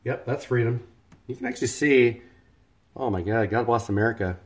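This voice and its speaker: A man's voice: mid-range voice, normal speed. Chatty man livestreaming his cooking. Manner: chatty, joking, thanks viewers by name. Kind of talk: casual live-stream chat while cooking. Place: home kitchen.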